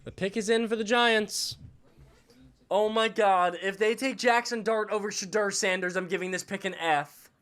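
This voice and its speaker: A young man hosting a live draft reaction stream, excitable and profane, repeating himself in outbursts. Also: high voice, normal speed, clear, resonant tone. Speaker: fantasy football streamer.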